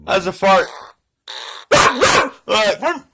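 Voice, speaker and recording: A man's voice: high voice, lively intonation, drawn-out words, pushed and bright. A man talking casually in a vlog, playful and affectionate with his dogs, calling himself their daddy. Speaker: vlogger. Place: at home.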